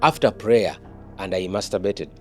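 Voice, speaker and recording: A man's voice: sits low, moderate pace, faint music behind. A man, an evangelist telling his personal testimony in an interview, earnest and often repeating words and restarting.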